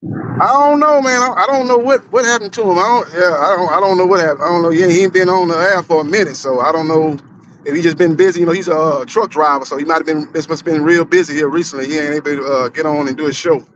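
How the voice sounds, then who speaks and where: A man calling in to a talk show, chatting in a quick, rambling way. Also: a little high, fairly bright tone. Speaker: caller. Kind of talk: casual call-in chat. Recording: dull lo-fi line with faint noise.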